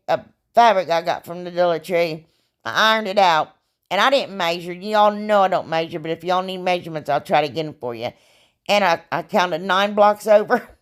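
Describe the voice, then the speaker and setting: A woman with a somewhat low voice narrates her craft project in a chatty, rambling way. She sounds a little hoarse, as if she is losing her voice. Her voiceover is relaxed and self-deprecating, full of asides to her viewers. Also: moderate pace. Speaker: craft channel host.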